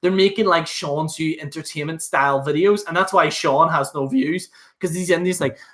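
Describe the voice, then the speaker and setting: A young man from Northern Ireland hosts a casual solo livestream, his voice on the high side, a bit bright, and at normal speed. He rambles and swears, filling his chat with lots of fillers.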